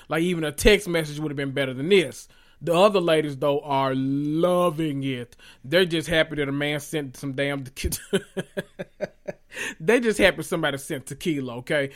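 A podcast host giving a sassy, animated recap of a reality show, full of joking asides and cursing. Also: mid-range voice.

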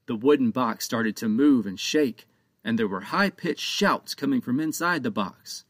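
Man narrating a kids' audiobook, lively intonation, dry close sound. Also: mid-range voice, a little slow, no echo. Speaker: author reading his own children's book.

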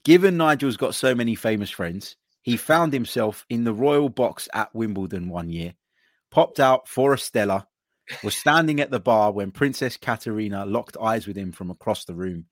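A man with a fairly low voice hosts a betting podcast and reads listener messages aloud. His manner is easygoing and chatty. The recording is dry and close, with no room sound. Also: lively intonation, normal speed, no room sound. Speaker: podcast host. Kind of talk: casual podcast hosting.

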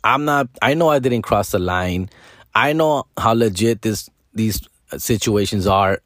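A man's voice: on the low side, expressive, unhurried, a bit bright, no room sound, clean studio sound. A man in his thirties talking in a casual, rambling vlog monologue, cursing freely and dropping Spanish slang as he explains his comedy videos. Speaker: social media comedy creator.

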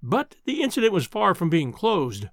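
A man narrating a classic novel in a measured, expressive audiobook style. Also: high voice, dry recording, clean studio sound. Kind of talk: audiobook storytelling.

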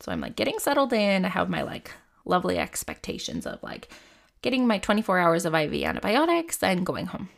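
A woman's voice: fairly low pitch, huge pitch swings, fairly quick, vocal fry. A woman in her thirties telling a personal story in a casual, rambling, candid way, full of "like" fillers.

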